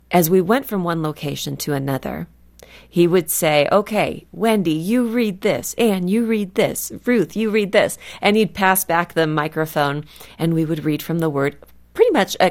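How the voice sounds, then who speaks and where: A woman author, a guest on a Christian radio show, telling personal stories in a conversational way with fillers. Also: deep voice. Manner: warm storytelling, with fillers.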